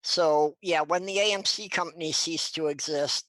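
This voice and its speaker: A man from Minnesota shares a relaxed story in casual podcast talk. His voice is somewhat high for a man and recorded close and dry. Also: normal speed, no echo. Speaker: podcast co-host. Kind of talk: casual chat.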